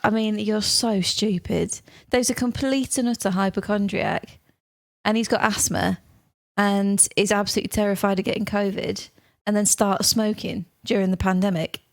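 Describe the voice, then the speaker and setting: A woman's voice: mid-range voice, fairly even intonation, moderate pace, gravelly, no room sound. A woman co-hosting a casual podcast, bubbly and affectionate, who teases her co-host freely. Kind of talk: casual chat.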